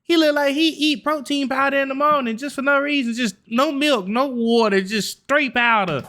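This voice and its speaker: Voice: sits high, moderate pace, bright, forceful tone. A reaction video host giving casual, slangy, joking commentary over footage.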